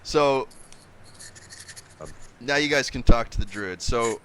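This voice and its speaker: A man's voice: mid-range voice, takes it slowly, bright, forceful tone, smooth. A man running a tabletop game as game master, loose and joking, laughing often.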